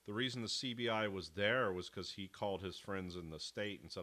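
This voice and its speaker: A man's voice: on the low side, fairly even intonation, a little fast, bright, forceful tone. A man co-hosting a casual chat about a TV episode, rambling and acting out characters' lines. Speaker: podcast co-host.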